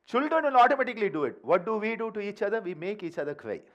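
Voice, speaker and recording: A man with an Indian English accent leading a yoga workshop, animated and playful, often checking in with the group. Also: high-pitched, very fast. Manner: animated, playful, asks the room "huh?" often. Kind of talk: lively workshop talk to a group. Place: workshop hall.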